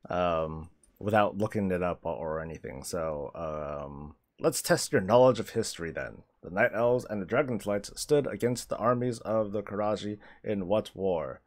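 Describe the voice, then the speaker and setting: Lively low-voiced man streaming a game. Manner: animated, swears freely, laughs often. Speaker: streamer host. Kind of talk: casual gameplay commentary.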